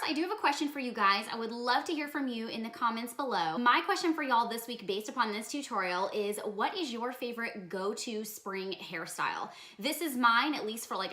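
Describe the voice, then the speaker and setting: A woman's voice: medium pitch, pushed and bright, reverberant. A woman, giving a chatty, upbeat hair tutorial and sign-off as a vlogger. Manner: upbeat, chatty, says "y'all".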